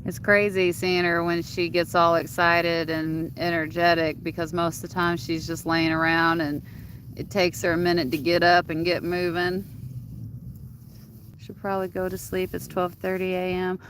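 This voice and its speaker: A woman's voice: fairly low pitch, level tone, moderate pace, fairly bright tone, slight background noise. Chatty woman streaming from her yard. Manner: rambling, many fillers, coos to her dogs. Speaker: livestream host. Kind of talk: casual chat with viewers.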